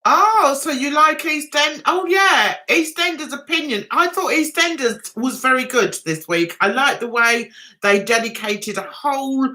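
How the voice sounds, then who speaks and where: A middle-aged woman with a high, animated voice hosts a casual livestream, reading viewer chat at a measured pace. Her delivery is pushed and bright, and she's chatty and self-mocking, laughing often as she greets people.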